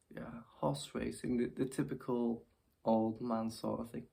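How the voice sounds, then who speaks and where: A woman, performing as a ventriloquist who gently teases her puppet and often stumbles over her words. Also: a bass voice, steady tone, a little slow, creaky, slightly rough. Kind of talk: ventriloquist comedy act, talking to a puppet.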